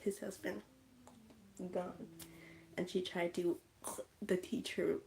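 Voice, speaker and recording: A woman's voice: lowish voice, level tone, vocal fry, heavy background noise. A woman hosting a livestream, casually retelling a film and dropping into whispers for suspense. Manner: slow storytelling, drops to whispers. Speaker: livestream host. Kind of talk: casual movie recap.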